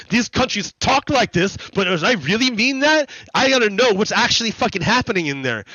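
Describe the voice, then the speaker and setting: A man's voice: high voice, sharp tone, dry recording, highs cut off. A man hosting a livestream, ranting heatedly in profane, repetitive commentary. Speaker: livestream host. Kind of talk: ranting commentary during a gaming stream. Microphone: streaming desk mic.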